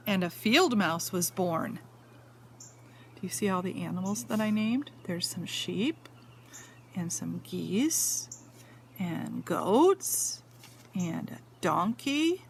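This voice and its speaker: Slow, lively teacher reading to children. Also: female voice, medium pitch, vocal fry, slight background noise. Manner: slow, sing-song, asks the children questions. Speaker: teacher reading aloud to young students. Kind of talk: picture-book read-aloud with questions.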